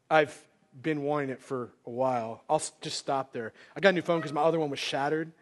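A man's voice: on the high side, fairly even intonation, a little fast. A male pastor preaching a sermon to his congregation in a casual, conversational way, acting out quotes as he goes. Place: church sanctuary, live congregation.

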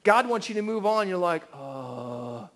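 A male pastor preaching a sermon in a church service, earnest, swinging from quiet to emphatic. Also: high-pitched, steady tone, brisk. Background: faint band guitar.

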